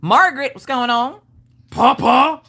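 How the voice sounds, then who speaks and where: A woman hosting a casual craft livestream, upbeat, calling out viewers by name and swinging her pitch up and down as she chats. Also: expressive, normal speed, a bit bright. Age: adult, her father watches. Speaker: livestream host greeting chat. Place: home craft room.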